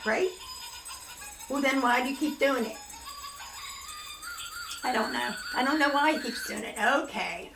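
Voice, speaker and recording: An older woman hosting a children's storytime show, talking to puppets in a gushing, animated way. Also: high-pitched, vocal fry, echoey room, poor audio. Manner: gushing, sing-song and animated. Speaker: storytelling host.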